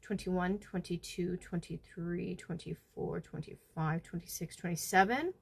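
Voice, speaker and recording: Slow-talking woman chatting while crocheting. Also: lowish voice, fairly even intonation, vocal fry, husky. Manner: counts stitches aloud under her breath, chats with viewers. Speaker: livestream host. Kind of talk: casual crochet livestream chat.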